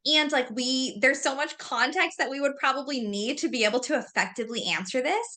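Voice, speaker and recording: A woman hosting a mental health discussion, lively and conversational, often saying "like". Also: high-pitched, a little fast. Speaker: host from a mental health company. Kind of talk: moderated discussion.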